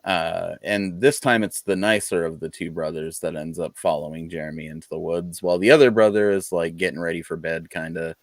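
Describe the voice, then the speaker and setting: A man's voice: sits low, steady tone, a little fast, hardly any pauses, no room sound. A man co-hosting a podcast in casual chat, laid-back and rambling, swearing freely. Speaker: podcast co-host.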